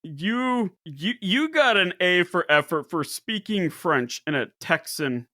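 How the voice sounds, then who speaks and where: A woman's voice: fairly low pitch, slow, no room sound, studio quality. A woman co-hosting a casual podcast, telling stories with lots of laughter. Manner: animated storyteller, laughs a lot. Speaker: podcast co-host. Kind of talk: casual chat.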